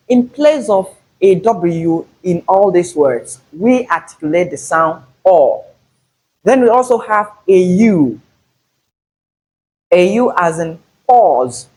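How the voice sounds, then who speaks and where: A man teaching English pronunciation, slowly and deliberately stressing each example word. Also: sits high, expressive, a little mellow, breathy edge, low-quality recording. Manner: slow, deliberate, repeats example words with stress. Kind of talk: phonetics lesson.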